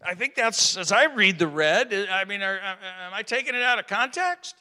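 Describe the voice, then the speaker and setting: A man preaching a sermon to a live audience, asking rhetorical questions and swinging from hushed to loud. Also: high-pitched, lively intonation, normal speed. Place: large hall with an audience. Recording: reverberant hall.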